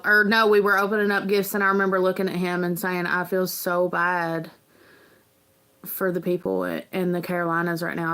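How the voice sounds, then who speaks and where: A woman hosting a casual livestream, talking in an earnest, rambling, halting way as a parent. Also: medium pitch, bright, forceful tone. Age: adult parent. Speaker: livestream host.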